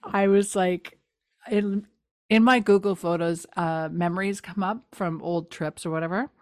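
A woman's voice: on the low side, measured pace, no echo, clean studio sound. A woman co-hosting a podcast, chatting casually and animatedly as she recaps a TV episode. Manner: chatty, animated retelling with playful voices. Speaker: podcast co-host.

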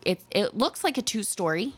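Speaking at normal speed in a medium-pitched voice with a breathy edge, she co-hosts a podcast and recounts a true-crime case in a lively, casual way. She is an adult with a young son and performs the quoted parts.

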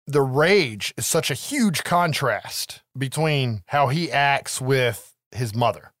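Animated, foul-mouthed man recapping a film. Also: medium pitch, slow pace, no echo, clean studio sound. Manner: profane, animated storytelling with quoted voices. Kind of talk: casual movie recap chat.

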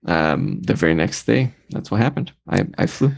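A man who is a film director, telling a story in conversation with lively delivery, often acting out the voices and sounds of the people he talks about. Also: low-pitched, moderate pace, creaky.

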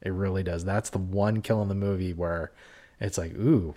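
A man's voice: low-pitched, steady tone, moderate pace, dark tone. A man co-hosting a casual horror movie review podcast, talking in a heated, ranting way with swearing and lots of fillers. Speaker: podcast co-host.

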